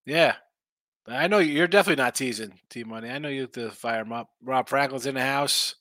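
A worn-out man rambles through a betting stream, laid-back and slangy, his voice bright and forward. The sound is close and dry, with no room around it. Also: medium pitch, fairly quick, no echo. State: tired, yawning, injured arm. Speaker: sports betting show host. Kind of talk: casual live-stream chat reading viewer comments.

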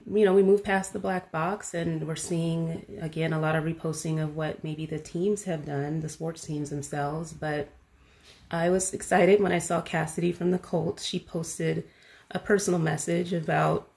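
A woman hosting a podcast, talking casually and with animated enthusiasm, full of fillers like "you know" and "like". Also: low-pitched, moderate pace, gravelly. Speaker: podcast host. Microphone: podcast mic.

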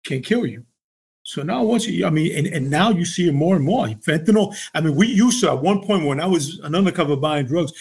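A man's voice: a little high, husky. A man in his fifties, a retired undercover officer, telling stories and repeating himself as a podcast guest. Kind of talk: podcast interview.

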